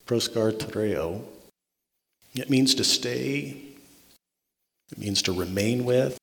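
A man's voice: mid-range voice, slow, vocal fry, long pauses, a bit bright. A man preaching a sermon as a pastor, earnest, often restarting words and checking in with "right?". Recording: long reverb of a large hall.

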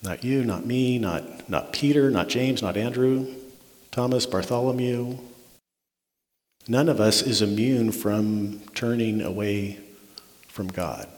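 A man's voice: fairly low pitch, takes it slowly, a little mellow. Earnest male preacher in a reverberant hall. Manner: earnest, repeats words and restarts, asks "right?" often. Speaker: pastor. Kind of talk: sermon. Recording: long reverb of a large hall.

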